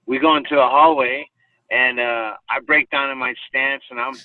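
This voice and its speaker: A man's voice: medium pitch, fairly even intonation, moderate pace, dry recording. Male guest, story with filler words, thin distant phone sound, dry. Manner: rambling, many fillers and restarts. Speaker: podcast guest. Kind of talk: personal storytelling. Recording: tinny phone-like sound from far off.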